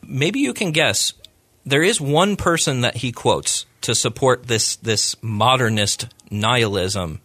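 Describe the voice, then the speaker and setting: A man with a bright, forceful voice holds forth as a podcast co-host. He talks casually but animatedly, picking apart a book's arguments. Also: medium pitch, takes it slowly. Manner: animated, puts on voices when retelling. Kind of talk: casual discussion, book critique.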